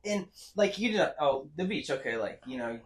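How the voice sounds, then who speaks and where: A man's voice: on the high side, lively intonation, a crowd in the background. A man hosting a casual interview, eagerly agreeing and chiming in with his own stories. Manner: eager, quick to agree and chime in. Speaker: interview host. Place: comedy club.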